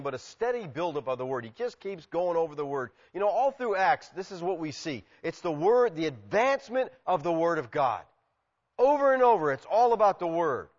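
Male preacher, high and lively pitch, animated, acts out quoted voices, muffled recording in a reverberant hall. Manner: animated, acts out quoted voices, shifts from loud exclamations to quiet asides. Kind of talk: expository sermon. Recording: muffled sound with long reverb.

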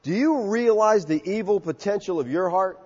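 A man's voice: sits high, animated, moderate pace, a little mellow, slightly rough. A male pastor preaching an expository sermon in an emphatic, conversational way, acting out quotes. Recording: muffled sound with long hall reverb.

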